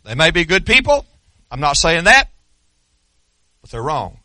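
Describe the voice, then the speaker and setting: Male pastor, high bright voice, emphatic repetitive preaching. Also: very animated, unhurried, no echo. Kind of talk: sermon.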